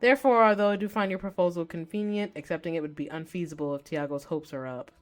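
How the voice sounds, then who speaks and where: Woman reading as a cool male shadow monster, formal and measured, lowish voice, faint music behind. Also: lightly acted. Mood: aloof.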